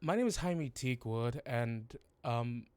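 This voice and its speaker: A man's voice: mid-range voice, lively intonation, slow, darkish tone, smooth, dry recording. A man voicing a clumsy, apologetic young male adventurer who stammers in a tabletop role-play. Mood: sheepish.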